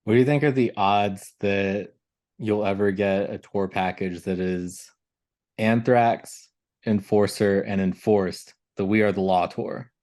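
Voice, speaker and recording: A man hosting a podcast, asking questions in relaxed, casual chat and laughing along with his guest. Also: on the low side, unhurried. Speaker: podcast host.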